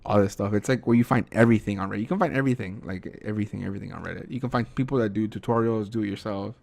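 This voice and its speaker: Brief: young male podcast host, quick rambling delivery, gravelly edge, casual and profane. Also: on the low side, darkish tone. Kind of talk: casual chat.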